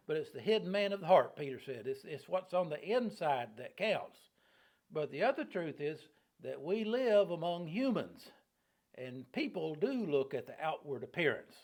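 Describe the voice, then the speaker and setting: Middle-aged male pastor, plainspoken and folksy, leading a Bible study in a fairly high voice. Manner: folksy, homespun plain talk.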